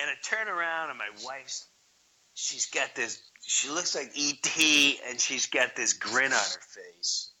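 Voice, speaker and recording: A man, telling a story in an excited way and acting out his own shouts. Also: medium pitch, unhurried, rough recording. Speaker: guest, baseball fan video maker. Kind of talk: animated storytelling in an interview.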